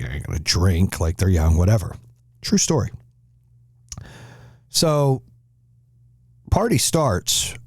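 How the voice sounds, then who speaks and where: Brief: middle-aged male host, mellow tone, dry close sound, profane animated storyteller. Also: medium pitch, no echo. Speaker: podcast host. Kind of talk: casual storytelling chat.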